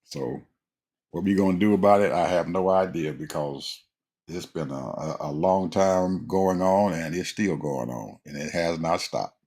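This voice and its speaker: A man's voice: rumbling low, a little slow, darkish tone, slightly rough. A man in casual conversation who speaks emphatically, like a preacher, and addresses listeners as folks.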